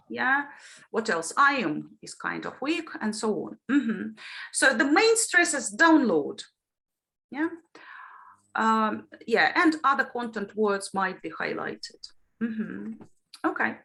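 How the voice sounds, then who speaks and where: A middle-aged woman teaches trainee teachers in an online lesson. Her fairly high voice is bright and clear. It swoops widely as she models intonation and questions the group. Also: slow. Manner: lively, demonstrates intonation with questions to the class.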